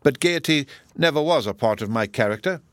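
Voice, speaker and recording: A quiet young gentleman with a dry, teasing wit, read by a man. The voice stays in a middle register, close and dry. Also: mid-range voice, expressive, a little fast, no room sound, voice pushed up, close to an everyday voice. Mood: wry. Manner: wry, gently mocking. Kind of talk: audiobook character reading.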